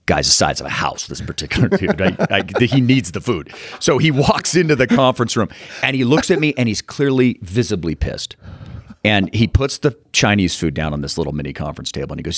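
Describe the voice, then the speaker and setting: Deep-voiced animated storyteller man. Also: normal speed, breathy edge, no room sound. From Utah. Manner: animated, acts out quotes in the story. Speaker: guest, fund manager. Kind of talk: storytelling interview.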